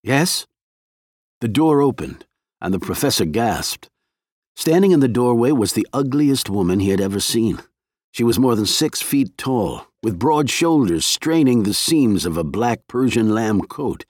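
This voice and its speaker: A man reading a thriller novel aloud in measured, expressive narration. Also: mid-range voice, dry recording, clean studio sound. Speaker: audiobook narrator. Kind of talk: scripted narration.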